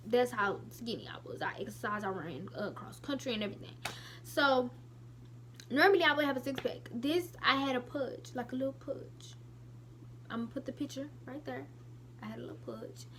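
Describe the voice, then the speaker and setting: A young woman in her late teens, telling a personal story to camera in a chatty, animated way. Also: a little high, normal speed, slight background noise. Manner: chatty, animated retelling with lots of "I was like". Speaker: vlogger.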